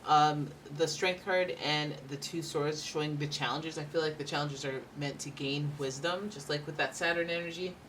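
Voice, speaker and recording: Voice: mid-range voice, steady tone, moderate pace, hardly any pauses, a bit bright, far from the mic, a little hiss or hum. A tarot reader giving a casual, rambling reading with playful asides.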